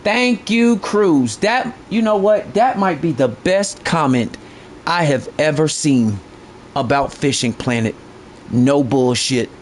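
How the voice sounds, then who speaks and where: A man's voice: a little high, animated, slow, a little hiss or hum. Blunt, profane male game streamer. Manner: blunt, profane, repeats himself while ranting. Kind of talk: live stream commentary.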